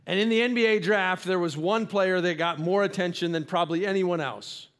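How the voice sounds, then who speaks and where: A man's voice: high-pitched, fairly quick, fairly bright tone. A man giving an earnest, encouraging sermon as pastor in a church. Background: faint instrumental music.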